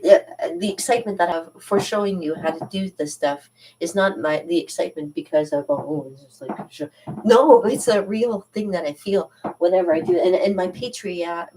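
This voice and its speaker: A chatty Canadian woman hosting her own cartooning channel talks straight to her viewers, rambling and getting sidetracked. Her voice sits a little low, and she sounds a bit far from the microphone. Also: darkish tone. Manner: rambling, sidetracked, laughs often. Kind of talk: casual chat to viewers.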